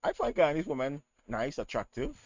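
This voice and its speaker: A man's voice: on the high side, huge pitch swings, normal speed, slightly rough, no room sound. A man from Trinidad with a Trinidadian accent, a guest DJ talking casually and stumbling over words as he searches for them. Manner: hesitant, repeats words while searching for them. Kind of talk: casual interview over call. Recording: dull, muffled call audio.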